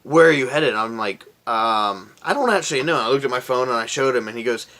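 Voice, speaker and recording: Young man, vlog storytelling, casual, profane, laid-back, middle-pitched voice. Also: lively intonation, fairly quick, pushed and bright. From Florida. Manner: profane, laid-back, quoting himself in a raised voice. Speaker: vlogger.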